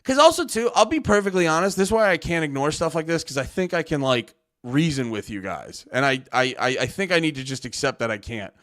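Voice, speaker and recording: A man's voice: on the high side, animated, brisk, fairly bright tone. A man streaming live, a comedian ranting at his chat in a profane, exasperated, argumentative way. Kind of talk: livestream rant at chat.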